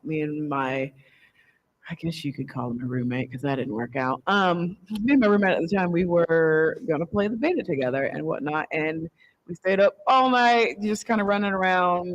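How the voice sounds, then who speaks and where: A woman on a convention panel telling a story in a casual, animated way and laughing often. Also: low voice, lo-fi sound.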